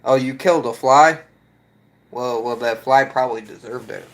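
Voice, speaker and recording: A man's voice: mid-range voice, normal speed, rough recording. A man talking casually to his viewers in a mid-range voice, reading their comments as he goes. He rambles a bit, restarting sentences and filling gaps. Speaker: video creator reading chat. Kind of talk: casual live chat.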